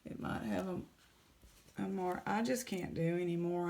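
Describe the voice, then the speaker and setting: A woman, casually chatting in a jewelry vlog, excited and exclaiming in shock. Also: on the low side, measured pace, vocal fry. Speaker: jewelry unboxing vlogger.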